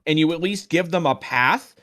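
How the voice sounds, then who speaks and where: A man's voice: a little high, moderate pace, bright, forceful tone. A young man co-hosting a podcast and running tabletop games, chatting casually and slipping into acted quotes and a put-on accent. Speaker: podcast co-host and game master. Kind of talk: casual chat.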